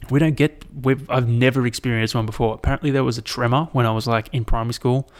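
A man's voice: mid-range voice, fairly even intonation, fast. A young Australian man chatting alone into a mic, rambling and swearing freely as he retells his week. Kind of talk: casual solo chat.

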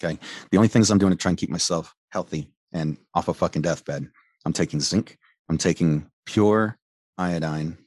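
Male, former medic, bass voice, heated profane storyteller, dry mic. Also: normal speed, darkish tone, dry recording. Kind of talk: angry personal account.

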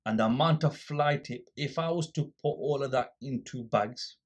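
Casting: man, husky voice, animated anecdote teller who voices both sides of a quarrel. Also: mid-range voice, moderate pace. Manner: animated storyteller, acts out quoted dialogue. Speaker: guest, volunteer litter picker. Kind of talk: casual storytelling interview.

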